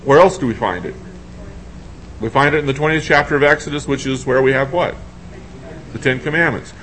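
A man's voice: medium pitch, a little fast, fairly bright tone, slight background noise, rough recording. A man preaching a sermon in a conversational way, asking his congregation questions and thinking aloud as he reads scripture.

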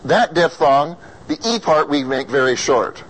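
A man's voice: fairly high pitch, expressive, measured pace, husky, rough recording. A man with an American accent teaching a class about vowel sounds, patiently sounding out vowels and asking his students questions. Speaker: singing or diction teacher.

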